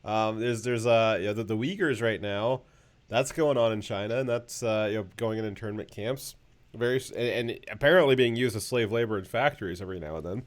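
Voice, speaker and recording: A man's voice: fairly low pitch, brisk. A man hosting a casual political talk show, rambling with many fillers and a sarcastic edge. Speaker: show host.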